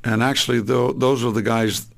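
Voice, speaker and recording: A man's voice: mid-range voice, fairly even intonation, normal speed, gravelly. An older man from Southern California, a singer, reminiscing in an interview in a rambling way full of fillers. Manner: rambling, many fillers and restarts. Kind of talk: relaxed reminiscing.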